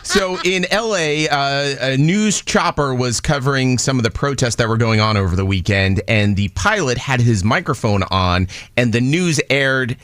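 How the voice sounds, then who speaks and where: A man presenting an audio-clip segment on a morning radio show, matter-of-fact and steady. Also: medium pitch, moderate pace, few pauses, dry recording.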